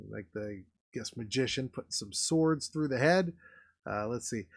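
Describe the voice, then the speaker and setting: A man's voice: medium pitch, measured pace, vocal fry, dry recording, clean studio sound. A man hosting a nostalgia video, talking casually and laughing between remarks. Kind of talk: casual vlog commentary.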